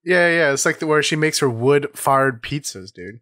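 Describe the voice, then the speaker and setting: A man's voice: fairly high pitch, animated, normal speed, a bit bright. A man co-hosting a podcast in slangy, casual chat, often saying dude. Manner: slangy, says dude a lot. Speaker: podcast co-host.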